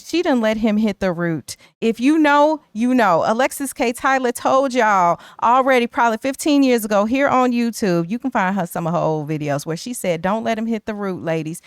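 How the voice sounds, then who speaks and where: A woman's voice: a little high, moderate pace, few pauses, smooth, dry recording, studio quality. A woman co-hosting a casual movie recap, chatty and slangy, acting out the characters' lines as she retells the plot. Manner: animated, acts out characters' lines in quotes. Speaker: co-host.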